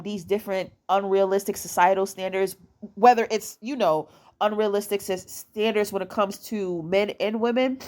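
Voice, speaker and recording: A young woman speaking at an ordinary pitch in a loose, unscripted vlog monologue. She is blunt and swears freely. She repeats lines for emphasis as she gives dating advice from home. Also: darkish tone. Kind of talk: casual monologue to camera.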